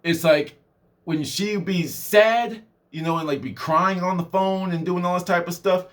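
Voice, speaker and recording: This motivational vlogger and mentor has a high-pitched, fairly bright voice and a measured pace. He chats casually and rambles, often laughing and acting out people he quotes.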